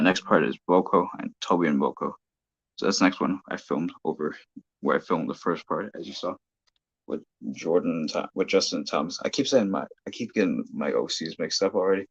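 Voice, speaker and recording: Man, casual stream chatter, rambling, very low voice, gravelly, dry. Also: fairly bright tone, dry recording. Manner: rambling, self-correcting. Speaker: hobby toy-train filmmaker. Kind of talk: casual live-stream commentary. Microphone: phone. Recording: dull lo-fi phone audio.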